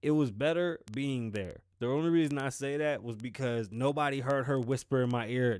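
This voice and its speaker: A podcast host with a thick Bronx accent talks in a loose, rambling way, often laughing and swearing. His voice sounds smooth and clear at a middling pitch. He is recorded dry and close to the microphone. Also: a little fast, no room sound. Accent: Bronx New York. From the Bronx, New York. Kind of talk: casual podcast monologue.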